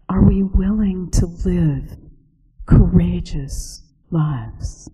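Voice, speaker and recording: A woman reads a reflective essay slowly and softly, sometimes sinking into a whisper. Her voice is low and mellow. A long reverb trails after her words, as if she is in a large hall. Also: fairly even intonation, slightly rough. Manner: slow and hushed, dropping to a whisper. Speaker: narrator.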